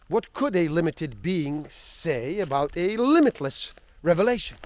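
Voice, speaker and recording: A man reading passages of a spiritual book aloud in a slow, reflective way. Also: fairly high pitch.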